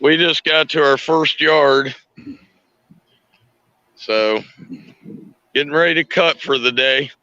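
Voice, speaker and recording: Bright, crisp man on a dull call. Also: on the high side, fairly even intonation, slow pace, pauses often, no echo. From Ohio. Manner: blunt, matter-of-fact. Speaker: call-in guest. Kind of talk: casual chat. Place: out on a work job. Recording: dull dry call audio.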